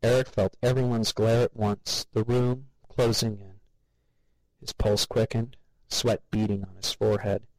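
Low-voiced man narrating a story. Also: level tone, measured pace, creaky, a little mellow, no room sound, poor audio. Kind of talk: audiobook narration.

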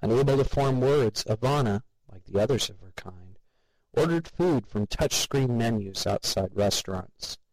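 A man's voice: mid-range voice, normal speed, no echo, poor audio. A man narrating a story as an audiobook reader, voicing the characters himself. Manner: steady, gravelly, reads all the voices. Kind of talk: scripted narration.

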